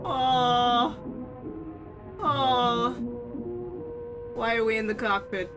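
A young adult woman streaming a game in casual chat, excitable and gushing, laughing often and swearing freely. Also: a little high, very slow, music in the background. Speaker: streamer playing a horror game.

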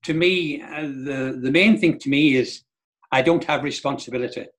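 A man's voice: medium pitch, normal speed. An older man from Donegal, a guest in a casual interview who tells long, rambling stories and acts out what others said. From Donegal, Ireland. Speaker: guest, Irish dance teacher.

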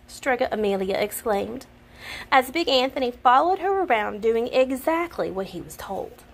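A woman reading a children's picture book aloud in an expressive storytelling manner. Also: a little high, moderate pace. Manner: expressive, laughs at the funny parts.

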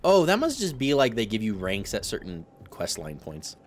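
A man's voice: on the low side, wildly swooping pitch, normal speed, a little hiss or hum. A man hosting a co-op let's play, bantering in a joking, playful way. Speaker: gaming channel host.

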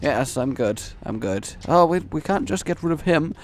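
A man hosting a let's play, rambling excitedly about the game, joking, and breaking into shouts and silly voices. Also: fairly high pitch, moderate pace. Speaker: gaming channel host.

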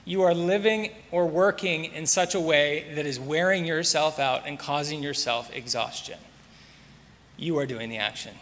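A man preaching a sermon as pastor, measured and repeating key words for emphasis. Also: a little high, fairly bright tone. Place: church sanctuary. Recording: long hall reverb.

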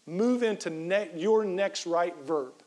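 A man, a professor, giving an energetic motivational keynote talk, repeating key phrases for emphasis and coaching the audience through a breathing exercise. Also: high-pitched, takes it slowly, rough recording.

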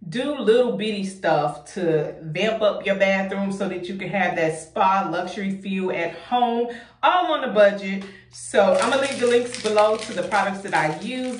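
Chatty and a little winded, a young woman shares a casual vlog with viewers while standing in her bathroom, where she films home organization content. Her mid-range voice has a roomy quality, picked up from a distance.

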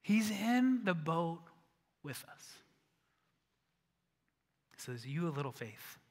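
A male pastor preaching a sermon, telling the story with animated acted-out voices and dropping to a hushed voice for emphasis. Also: fairly high pitch, slow pace. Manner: animated storytelling, acts out disciples, drops to a hush for emphasis. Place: church sanctuary. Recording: church hall reverb.

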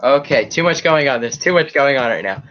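A man's voice: medium pitch, lively intonation, a little fast, fairly bright tone, dull audio. A man chatting casually on a live stream, rambling as he reacts to chat comments. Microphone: webcam setup.

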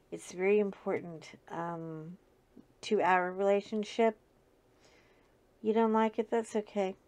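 A woman host chats casually and tells a funny story at an unhurried pace, often breaking into laughter. Her pitch sits in a middle range. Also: darkish tone. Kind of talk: casual chat.

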